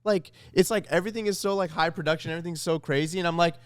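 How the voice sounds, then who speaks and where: A young man co-hosting a casual podcast, rambling through animated stories with quoted asides. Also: a little high, very fast. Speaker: podcast co-host.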